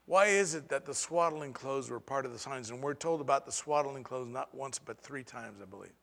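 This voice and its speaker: Male pastor, sermon, bright, dramatic pauses, long hall reverb. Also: mid-range voice, vocal fry. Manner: preaching with dramatic pauses and shifts in loudness.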